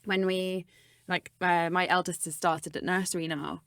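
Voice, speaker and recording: A woman in her thirties with a West Country accent, co-hosting a casual podcast and laughing easily between stories. Her voice sits a little low and is recorded dry and close, with no room around it. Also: no room sound. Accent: West Country English. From West Country of England. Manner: quick to laugh, lively and conversational. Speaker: podcast co-host. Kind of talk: casual chat.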